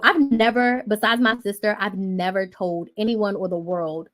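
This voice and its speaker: A woman hosting a casual chat, telling a personal story in a dramatic way that swings between loud outbursts and quiet asides. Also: medium pitch, normal speed. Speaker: host.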